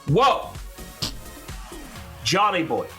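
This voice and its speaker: A man doing a deadpan laid-back bro adventurer. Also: high-pitched, faint music behind, heavily acted. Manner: deadpan, slow and unbothered. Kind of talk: retelling a tabletop game.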